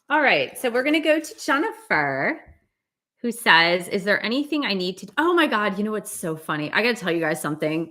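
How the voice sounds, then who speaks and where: A woman's voice: mid-range voice, pushed and bright. A middle-aged woman doing live-stream tarot readings, talking in a chatty, valley-girl cadence. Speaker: tarot reader.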